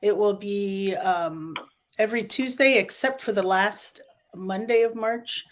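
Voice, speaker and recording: A woman's voice: medium pitch, measured pace. A woman co-hosting a casual live stream, friendly and playful, who laughs often. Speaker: co-host.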